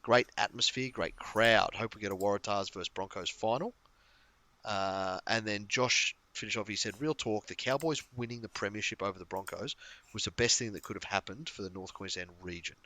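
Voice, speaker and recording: A man tells a rambling story, swearing freely and laughing along the way. His voice has a bright, forward edge and sits a little low. The sound is dry and close, with no room around it. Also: fairly quick, dry recording. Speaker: podcast co-host. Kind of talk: casual chat.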